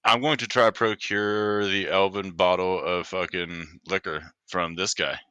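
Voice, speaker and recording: A man's voice: low voice, steady tone, measured pace, sharp tone, smooth, muffled recording. A man playing a tabletop game, talking bluntly and swearing casually. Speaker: player. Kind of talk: casual tabletop role-play.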